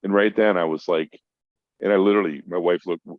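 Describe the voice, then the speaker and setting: A man's voice: low voice, fairly even intonation, a little fast, no room sound. A man, a podcast guest who works in mental health, tells a story in a casual, emphatic and profane way. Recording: dull lo-fi dry sound.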